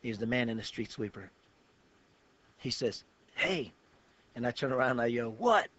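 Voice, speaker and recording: A man's voice: medium pitch, steady tone, a little fast, fairly bright tone. A man, a pastor and guest on a talk show, telling a long personal story in an earnest, detailed way with frequent restarts. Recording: dull lo-fi web show recording.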